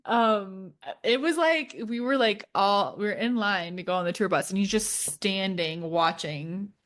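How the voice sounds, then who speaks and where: A young woman co-hosting a podcast, telling a story in animated, casual chat and laughing often. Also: medium pitch, measured pace. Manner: animated, laughs often, quotes people in playful voices. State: tired and shaken. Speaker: podcast co-host.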